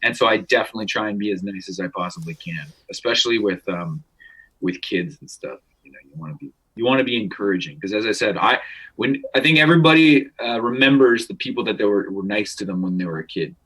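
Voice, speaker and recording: A man's voice: on the low side, expressive, fast, fairly bright tone, breathy edge, poor audio. A man in his thirties from Canada, a musician guest telling stories in casual chat, rambling with many restarts and freely swearing.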